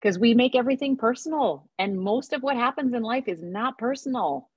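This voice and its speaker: A woman speaking as a guest in a casual podcast conversation, upbeat and energetic, acting out other people's reactions as she talks. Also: on the high side, a little fast, slightly rough, no echo, lo-fi sound.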